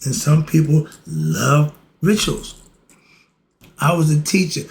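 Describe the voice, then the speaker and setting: A man's voice: a little high, big pitch swings, slow. A man giving a casual teaching talk on yoga philosophy, asking rhetorical questions and answering them himself, with slangy asides.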